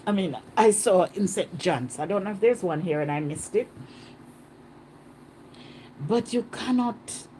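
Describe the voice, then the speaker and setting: Woman, travel vlogger, warm mellow voice, chatty and repetitive, phone mic outdoors. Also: mid-range voice, measured pace, pauses often, slight background noise. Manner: chatty, animated, repeats herself. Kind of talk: casual vlog chat. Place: outdoors on a Caribbean island.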